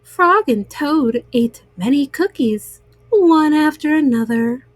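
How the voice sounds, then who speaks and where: A woman reading bedtime stories aloud to young listeners, gentle and soothing. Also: high-pitched, lively intonation, slow, dry recording, soft background music. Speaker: storyteller.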